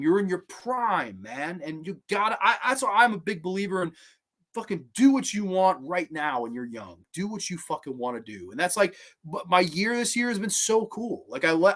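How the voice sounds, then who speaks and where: A man's voice: sits high, fairly bright tone. Rambling, foul-mouthed young man. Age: young adult. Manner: rambling, heavily profane, many restarts. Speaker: livestream host. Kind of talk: casual livestream chat reading comments.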